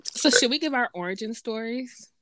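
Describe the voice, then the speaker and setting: A woman's voice: fairly high pitch, lively intonation, normal speed, bright, forceful tone, no echo. A young woman co-hosting a casual podcast chat, playful and blunt, laughing often. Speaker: podcast co-host.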